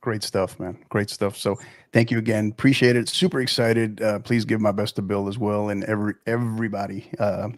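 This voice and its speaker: A man's voice: fairly low pitch, flat delivery, brisk, no room sound, studio quality. A man hosting a podcast in a friendly, upbeat, joking way. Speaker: podcast host. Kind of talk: casual podcast chat.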